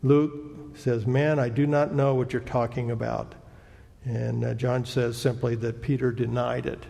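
A man preaching a sermon as pastor, with a halting, reflective delivery. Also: medium pitch, level tone, vocal fry, warm tone. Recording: long church-hall reverb.

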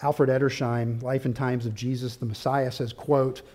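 A man preaching an expository sermon, walking through his outline point by point and rising to forceful, loud peaks of emphasis. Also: medium pitch, flat delivery, moderate pace. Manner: outlined teaching with subpoints. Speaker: pastor.

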